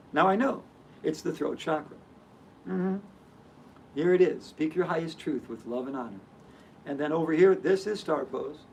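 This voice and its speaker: A woman's voice: medium pitch, vocal fry, slightly rough. A woman teaching a hula hoop yoga lesson, telling stories in earnest, rhythmic, repeating lists. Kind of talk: spoken yoga lesson with storytelling.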